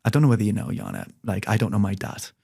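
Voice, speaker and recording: A man's voice: fairly low pitch, huge pitch swings, vocal fry, warm tone, breathy edge. A man, an interview guest speaking openly and earnestly about his life. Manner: open, earnest, rapid storytelling. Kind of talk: candid personal interview.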